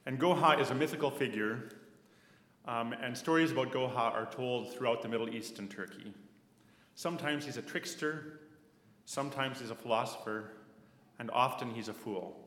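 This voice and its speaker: A man from Canada preaching a sermon, slow and measured, repeating key phrases and dropping to soft asides. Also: medium pitch. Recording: echoey hall with long reverb.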